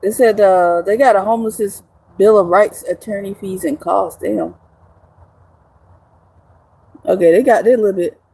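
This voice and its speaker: A woman's voice: medium pitch, a little fast, vocal fry, warm tone, breathy edge. A woman live streamer chatting casually with viewers, joking and swearing freely, rambling with frequent restarts. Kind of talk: casual livestream chat reading viewer comments.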